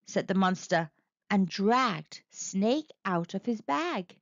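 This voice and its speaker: A woman storyteller reading a children's picture book aloud in a slow, very expressive way. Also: mid-range voice, dry recording, muffled recording.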